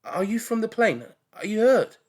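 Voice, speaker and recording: A man's voice: sits high, big pitch swings, normal speed, darkish tone, voice pushed up. A man reading a storybook aloud and voicing a shaken, polite young boy who speaks earnestly and tentatively. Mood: urgent.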